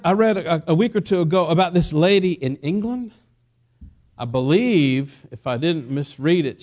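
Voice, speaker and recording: A man's voice: on the high side, very animated, measured pace, long pauses, a little mellow. A man preaching a sermon as a pastor, asking the congregation for responses and dropping in joking asides.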